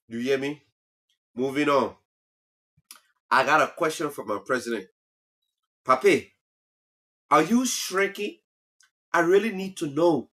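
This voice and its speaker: A man from Liberia, hosting a casual comedy talk show, teases as he works through his monologue. His voice is fairly high and a touch slow, he pauses often, and he's animated, cracking himself up at his own jokes.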